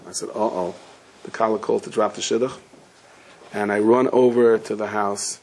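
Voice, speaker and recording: A man's voice: fairly low pitch, a little fast, a little mellow, a little hiss or hum. A rabbi giving a storytelling sermon, talking to his audience in a casual, joking way and answering his own questions. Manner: conversational, humorous, asks the audience questions and answers them.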